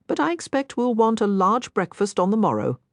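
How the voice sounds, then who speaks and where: A woman voicing a charming, worldly young male aristocrat who speaks softly, teasing and protective. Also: mid-range voice, very animated, a little fast, dry recording, studio quality, pitched above the performer's own voice. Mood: tender.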